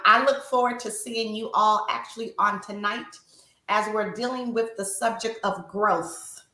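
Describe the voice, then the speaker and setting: A woman co-hosting a faith-based coaching talk, speaking earnestly and encouragingly with many pauses. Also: mid-range voice, fairly bright tone, echoey room. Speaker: wife coach and show co-host.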